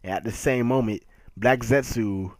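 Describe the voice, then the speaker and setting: A man giving a casual manga chapter review, animated and emphatic, laughing often. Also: mid-range voice, moderate pace, no echo.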